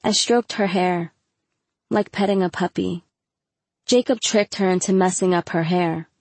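A woman narrating a first-person audiobook in a measured storytelling voice with casual slang. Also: on the low side, darkish tone, husky, no echo.

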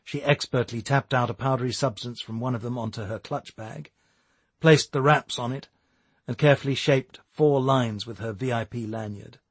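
A man reading a novel aloud in a measured, even narrating voice. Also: mid-range voice, husky, no echo. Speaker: audiobook narrator. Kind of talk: scripted narration.

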